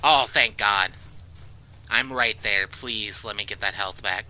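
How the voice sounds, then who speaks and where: A man giving casual let's-play commentary, jumpy and swearing, with loud reactions to scares. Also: fairly low pitch, measured pace, a little hiss or hum, poor audio. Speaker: gaming YouTuber.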